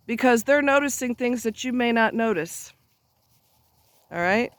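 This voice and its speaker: Very high-pitched and fairly bright, this man's voice is animated yet a little slow, with long pauses. He's an advice vlogger addressing the camera outside near a road, offering blunt, emphatic, chatty advice with throwaway asides.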